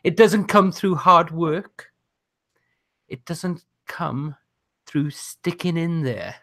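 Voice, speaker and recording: A man puts on a snobbish blue-blooded wrestling villain who lectures the crowd slowly and grandly. He sounds pompous and contemptuous, leaning hard on each word. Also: fairly high pitch, a bit bright, voice pushed up, heavily acted. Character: haughty aristocratic heel wrestler, male, adult.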